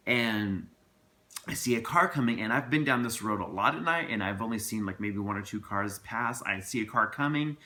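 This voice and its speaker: A man's voice: lowish voice, sharp tone. A man telling a personal story to camera in a casual, rambling and earnest way, with many restarts and asides.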